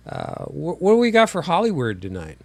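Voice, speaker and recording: A man's voice: on the high side, huge pitch swings, fairly quick, gravelly, no echo. A man co-hosting a casual political chat show, rambling and sarcastic with sudden exclamations. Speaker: co-host.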